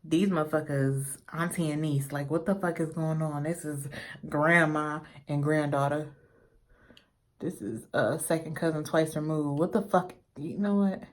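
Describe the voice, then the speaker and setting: Low-voiced tipsy woman, profane and rambling. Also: unhurried. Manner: profane, rambling, playful trash talk. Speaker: beauty vlogger. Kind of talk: casual makeup tutorial chat.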